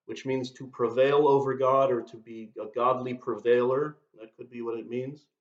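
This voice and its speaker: A man delivering a sermon at an ordinary pitch, carefully unpacking Hebrew words and quoting verses. The recording is slightly muffled, with a roomy echo around his voice. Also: fairly even intonation, moderate pace, hardly any pauses. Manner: explanatory, quotes and translates Hebrew verses.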